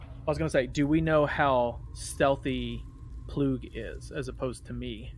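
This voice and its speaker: A man's voice: medium pitch, steady tone, a little slow, a little hiss or hum. A man playing a tabletop game, asking questions and planning moves. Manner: questioning, strategizing. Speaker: player. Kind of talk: casual tabletop game chat.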